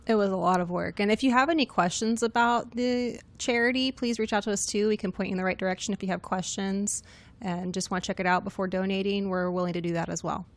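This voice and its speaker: A woman producing and co-hosting a podcast, speaking in a brisk, practical way with dry quips. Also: mid-range voice, steady tone. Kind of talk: casual podcast chat.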